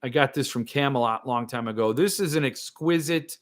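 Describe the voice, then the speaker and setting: A man's voice: medium pitch, fairly quick. A man hosting a livestream, ranting sarcastically and answering viewer comments in casual chat. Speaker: podcast host.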